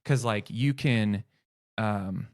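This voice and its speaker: A man chatting as a podcast guest, an animated storyteller who laughs often. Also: on the low side, very slow, no room sound, studio quality. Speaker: podcast guest, improv comedian. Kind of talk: casual podcast chat.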